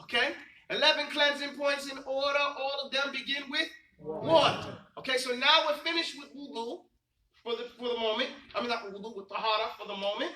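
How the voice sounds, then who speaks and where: A man's voice: extremely high pitch, fairly even intonation, a little fast, bright, forceful tone, echoey room, distant mic, a little hiss or hum, low-quality recording. A man teaching a religious class, quizzing his students and stressing key points. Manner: quizzing students, emphatic and repetitive. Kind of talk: classroom lesson with call and response.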